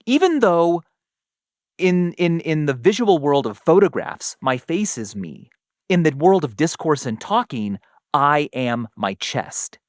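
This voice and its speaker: Animated man in a dry studio. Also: on the high side, unhurried, no room sound. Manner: animated, acts out little quoted exchanges. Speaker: co-host. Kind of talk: casual science chat.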